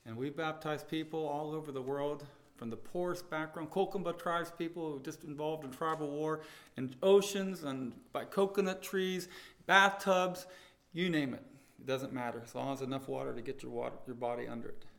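A man preaching a sermon, telling stories and swinging between loud proclaiming and hushed pleading. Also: a little high, fairly even intonation, brisk, gravelly, few pauses. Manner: storytelling with quoted dialogue.

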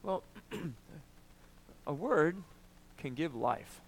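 A man preaching a sermon, emphatic and animated, often asking "right?" and clearing his throat. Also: a little high, extremely slow, slight background noise. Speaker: pastor.

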